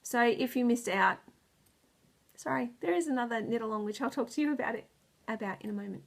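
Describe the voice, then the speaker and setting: A woman's voice: fairly high pitch, brisk, gravelly. Tired, rambling woman. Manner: rambling, loses her words, laughs often. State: tired and stressed, close to tears. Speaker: knitting podcast host. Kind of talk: casual chat.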